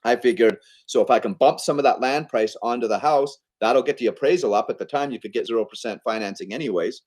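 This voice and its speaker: A man in an interview, casually telling a business story in an animated, conversational way, often checking in with "okay?" and "right?". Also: mid-range voice, fast talker. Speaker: podcast guest, entrepreneur.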